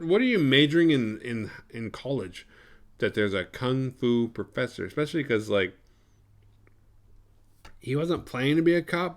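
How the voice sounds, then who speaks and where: A man with a mid-range voice hosts a horror movie review podcast, giving a casual recap full of spoilers. He rambles and swears, throwing in sarcastic asides.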